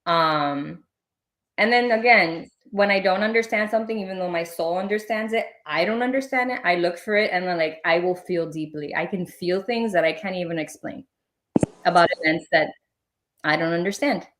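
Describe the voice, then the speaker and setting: A woman's voice: fairly low pitch, moderate pace, fairly bright tone. A woman guest on a podcast, telling personal stories in a rambling, casual way, full of filler words. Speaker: podcast guest, spiritual medium. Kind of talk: casual storytelling in an interview.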